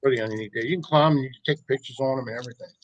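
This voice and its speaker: Quick-talking man chiming in, dry sound. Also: medium pitch, dry recording, highs cut off. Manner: quick, chatty interjections. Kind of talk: casual chat.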